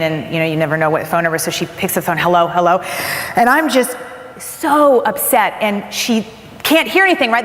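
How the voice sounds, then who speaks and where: Woman giving a keynote in an echoey hall. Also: lowish voice. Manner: earnest storytelling, animated retelling. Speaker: keynote speaker. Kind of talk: motivational keynote speech. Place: large conference hall.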